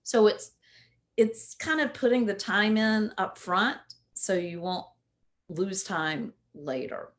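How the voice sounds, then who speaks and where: A woman's voice: mid-range voice, slow pace. A woman coach giving a casual instructional talk in a conversational way, often checking in with "right?".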